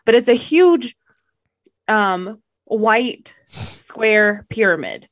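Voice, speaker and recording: A woman's voice: on the high side, expressive, extremely slow, no room sound, studio quality. A woman co-hosting a casual podcast, telling stories in a rambling way and often correcting herself. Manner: rambling, self-correcting storyteller. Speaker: podcast co-host.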